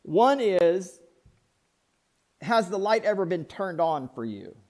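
Emphatic man with a high voice preaching. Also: animated, slow pace. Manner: emphatic, repetitive preaching with sudden swings in loudness. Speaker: pastor. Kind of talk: sermon.

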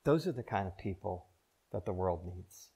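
An older man preaching a sermon as pastor, rising to loud emphatic peaks and dropping to soft, slow, drawn-out pleas. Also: deep voice, lively intonation, vocal fry, breathy edge.

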